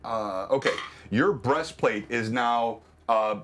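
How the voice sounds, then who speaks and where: A man running a tabletop game as game master on a live stream, animated and laughing often as he narrates and explains rules. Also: mid-range voice, slow, noisy background.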